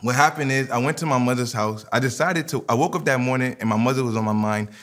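A man preaching a sermon, leading communion and then telling a personal story with lively quoted dialogue. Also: medium pitch, fast talker. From New York. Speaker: pastor.

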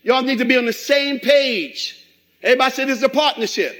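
A middle-aged man preaching a sermon, animated and acting out quoted voices. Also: extremely high pitch, quick pace, poor audio. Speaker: pastor.

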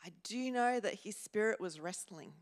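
A woman pastor preaching a sermon in a church, slow and measured, pausing and repeating words as she goes. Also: medium pitch, lively intonation. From Australia. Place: church hall.

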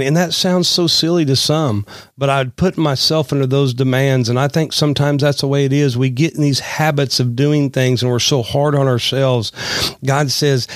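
A man's voice: mid-range voice, no room sound, clean studio sound. A middle-aged man preaching a sermon, telling a personal story in an earnest, folksy way.

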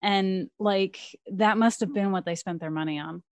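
A woman's voice: mid-range voice, normal speed, dry recording. Young woman telling a story, close dry mic. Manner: animated storytelling with acted-out quotes. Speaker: podcast co-host. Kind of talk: casual chat.

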